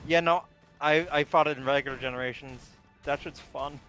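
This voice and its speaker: A man's voice: a little high, fairly even intonation, normal speed, fairly bright tone, clear, resonant tone, faint music behind, poor audio. A young man in casual chat who jokes around, blurting absurd lines and laughing easily.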